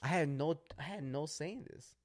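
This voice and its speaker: A man's voice: on the high side, moderate pace, a little mellow. A man co-hosting a podcast, telling a story animatedly, acting out the voices of the people in it and swearing freely. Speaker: podcast co-host.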